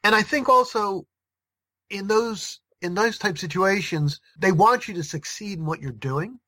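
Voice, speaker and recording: A podcast guest chatting casually, halting and restarting often, with some dry humor. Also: medium pitch, pushed and bright, no room sound. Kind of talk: casual conversation.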